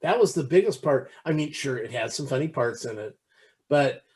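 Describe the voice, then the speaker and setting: A man's voice: medium pitch, animated, moderate pace, a little mellow. Rambling man chatting casually. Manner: rambling with many restarts and fillers, acts out quoted lines. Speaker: podcast co-host. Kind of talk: casual chat.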